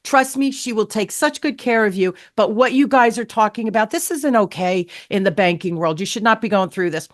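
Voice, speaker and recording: A middle-aged woman hosting a sales podcast, telling stories in a lively way and acting out the voices of the people she quotes. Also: mid-range voice, brisk, few pauses, dry recording, studio quality. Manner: animated, acts out quoted voices. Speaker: podcast host. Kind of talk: storytelling interview chat.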